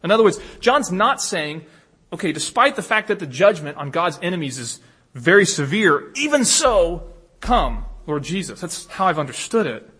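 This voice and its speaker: A man's voice: high voice, expressive, normal speed, bright, forceful tone, slightly rough. A man preaching an expository sermon, earnest and emphatic, often repeating a word as he starts a phrase again.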